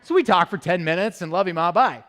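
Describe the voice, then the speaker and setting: A man from Minnesota, an Army veteran speaking at a church, telling a funny story in an animated, self-deprecating way and laughing as he talks. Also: sits high, fast talker. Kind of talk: humorous storytelling talk.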